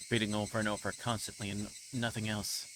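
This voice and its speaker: A man's voice: fairly low pitch, little pitch movement, quick pace, background noise, natural voice. A man reading as a delirious, guilt-ridden young girl. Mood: dazed. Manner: repetitive, anguished, occasional stumbles over words. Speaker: streamer reading a visual novel aloud. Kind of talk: dramatic reading of game text.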